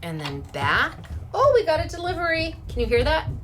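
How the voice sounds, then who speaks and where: A woman's voice: sits high, wildly swooping pitch, fairly quick, over music. A woman hosting a casual craft demonstration, chatty and upbeat, laughing easily as she works. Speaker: craft shop host.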